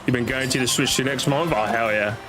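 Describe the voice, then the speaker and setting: A young man streams a racing game and chats casually with viewers, getting excitable, swearing, and repeating himself in bursts. His mid-range voice moves fast, with game music playing behind him.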